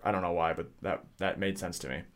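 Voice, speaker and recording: A man's voice: sits low, fairly even intonation, fast talker, fairly bright tone. A young man casually telling a rambling story on a podcast, swearing often and full of fillers and restarts. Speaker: podcast co-host.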